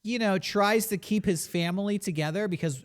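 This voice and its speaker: A man's voice: high-pitched, moderate pace. A man co-hosting a casual movie podcast, recapping scenes and acting out lines with big inflection. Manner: animated, acts out movie lines. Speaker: podcast co-host.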